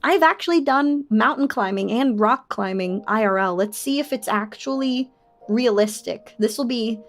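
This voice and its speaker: High-voiced playful woman streamer. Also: moderate pace, soft background music. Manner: playful and excitable, squealing and laughing, mock outrage at her computer. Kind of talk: casual live-stream chat.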